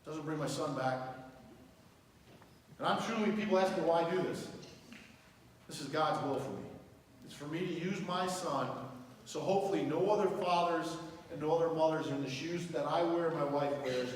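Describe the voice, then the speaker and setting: A middle-aged man with a Southern US accent speaks earnestly to a school crowd, his voice sitting a little high. He is heard from far off in a big echoey hall, with a long reverb tail and faint background noise. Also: normal speed, long pauses. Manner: earnest, emotional storytelling. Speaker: guest speaker. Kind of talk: public speech to a school audience. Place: large hall.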